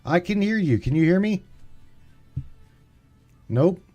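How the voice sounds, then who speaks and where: A man runs a casual live call-in stream, rambling and swearing through his tech trouble. His voice leaps up and down in pitch. Faint music plays behind him. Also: lively intonation, slow pace, mellow, lo-fi sound. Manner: rambling, swearing, bursts of exasperation. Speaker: podcast host.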